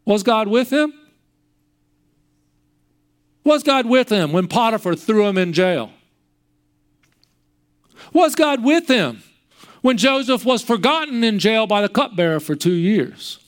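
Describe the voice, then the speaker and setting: High-voiced preacher asking rhetorical questions. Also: male voice, sing-song, slow, long pauses. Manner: rhetorical questions, vivid retelling. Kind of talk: sermon.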